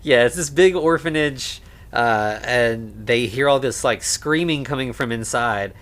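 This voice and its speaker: A man co-hosting a podcast, casually recapping a film with lots of fillers and quick acted-out lines. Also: mid-range voice, fairly bright tone. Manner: laid-back, many fillers, acts out lines. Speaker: podcast co-host. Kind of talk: casual movie recap chat.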